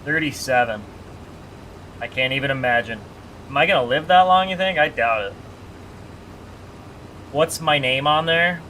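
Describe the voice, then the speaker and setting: A man streams a game and chats easily with his viewers, teasing them and reacting to the chat. His voice is bright and edged, with a faint steady hum of air conditioning behind him. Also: mid-range voice, moderate pace, long pauses. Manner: chatty, joking, reads chat aloud. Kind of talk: casual live-stream chat.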